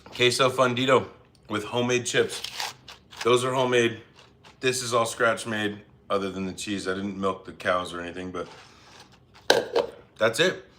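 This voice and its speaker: Male cooking-stream host, low voice with a bright edge, laid-back and chatty, reads chat and apologizes a lot. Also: steady tone, moderate pace, long pauses, a little hiss or hum. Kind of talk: casual cooking livestream chat. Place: home kitchen.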